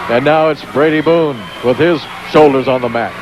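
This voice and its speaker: A man announcing a pro wrestling match with excited, exclaiming play-by-play commentary. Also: mid-range voice, normal speed, muffled recording. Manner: excitable, exclaiming, hype-driven. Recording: noisy 1980s TV broadcast.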